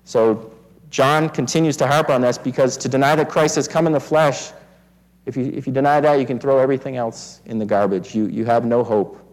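On a low-quality recording, a pastor delivers an earnest expository sermon in a brisk, mid-range voice that is a little mellow with fairly even intonation. He frequently restarts phrases, repeating words as he does.

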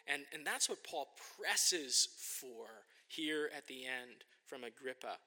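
A man's voice: mid-range voice, animated, takes it slowly, sharp tone. A man preaching a sermon as a pastor, earnest and emphatic, often asking rhetorical questions, in a church sanctuary. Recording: long reverb of a large hall.

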